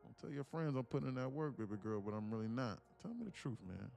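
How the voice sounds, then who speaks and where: A man's voice: medium pitch, expressive, fast, vocal fry, warm tone, soft background music. A man live-streaming his day trading, chatting casually and joking while reading viewers' comments. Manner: joking, reads chat aloud, puts on slang voices.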